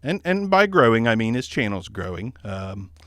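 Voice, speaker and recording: A man's voice: mid-range voice, big pitch swings, normal speed, fairly bright tone, no room sound. A man casually reviewing a microphone at his desk, rambling and joking about himself, keeping a Southern US accent toned down. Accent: tones down a Southern US accent. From American South. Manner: rambling, joking, self-deprecating. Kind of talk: casual mic test review. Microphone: ribbon microphone, close and moved around.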